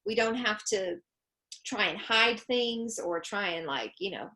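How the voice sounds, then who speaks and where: A woman's voice: medium pitch, expressive, measured pace, pushed and bright. A woman co-hosting a webinar from home over a video call, upbeat and chatty, with frequent ums and laughs. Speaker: webinar co-host. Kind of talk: casual presentation.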